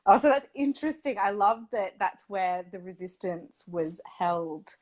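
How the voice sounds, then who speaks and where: A woman hosts a relaxed conversational interview, speaking in an effusive, animated way. She laughs easily mid-sentence, and her voice sits in a middling pitch. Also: measured pace. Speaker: interviewer and series host.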